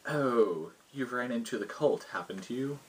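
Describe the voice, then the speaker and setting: A man voicing an ancient mystic woman spirit bound in an amulet, in a hushed, echoing, slow and measured way. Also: mid-range voice, animated, slightly rough. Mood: calm, knowing.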